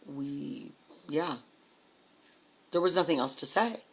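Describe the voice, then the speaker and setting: A woman's voice: low voice, takes it slowly, creaky, pauses often, a little hiss or hum. A middle-aged woman telling her own life story candidly, blunt and swearing often, sometimes repeating words as she gets emotional.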